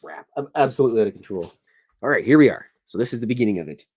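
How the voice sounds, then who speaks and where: A man's voice: mid-range voice, animated, racing, a little mellow, slightly rough. A man hosting a casual livestream, chatting and rambling while he draws. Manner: rambling, chatty, self-deprecating. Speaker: show host.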